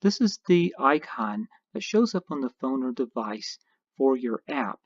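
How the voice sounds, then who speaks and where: A man's voice: mid-range voice, very animated, unhurried, breathy edge, no room sound, muffled recording. A man narrating a screencast tutorial, explaining each step patiently as an instructor.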